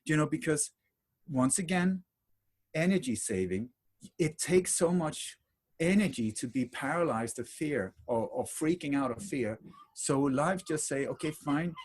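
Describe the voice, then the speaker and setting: A man speaking as a podcast guest in a conversational interview, telling stories in a rambling, animated way with emphatic repetitions. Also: fairly high pitch, unhurried, husky.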